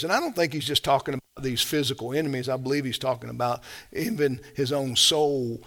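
A man preaching a sermon, passionate and full of rhetorical questions, swinging between loud emphatic stretches and hushed quiet ones. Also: medium pitch, fairly quick, hardly any pauses.

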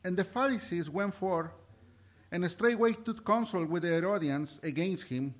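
Impassioned preacher. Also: male voice, high-pitched. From Mexico. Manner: impassioned, halting with restarts, swings between loud and soft. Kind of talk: sermon.

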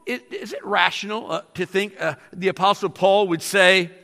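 A man's voice: high-pitched, animated, moderate pace, bright, forceful tone, long reverb tail. A man preaching a sermon as pastor to his congregation, with emphatic exhortations.

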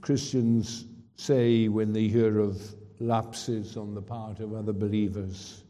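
A male preacher delivers a sermon in an unhurried, deliberate rhythm. His voice is deep-toned and mellow, and it rings out with long reverb in a large hall. He drives home his points with rhetorical questions and emphatic repetition. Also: level tone.

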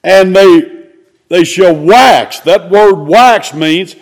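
A man preaching, reading scripture aloud and explaining it, rising to loud exclamations. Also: sits high, very slow. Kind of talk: expository sermon.

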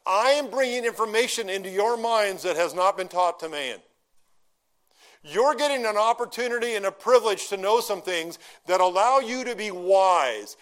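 Man, middle-aged, pastor, sermon, high-pitched voice, conversational teaching, slows down for emphasis. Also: a bit bright. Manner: conversational teaching, asks the congregation questions; slows down to stress key phrases.

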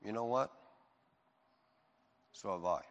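A man preaching a sermon, moving between loud emphatic passages and soft, intimate reassurance. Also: fairly low pitch, slow, dull audio. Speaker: pastor. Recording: long hall reverb.

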